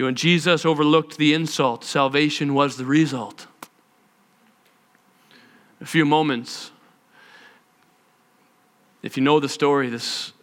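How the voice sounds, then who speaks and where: A male pastor preaching a sermon in an animated storytelling manner, repeating phrases for emphasis. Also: mid-range voice. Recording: long hall reverb.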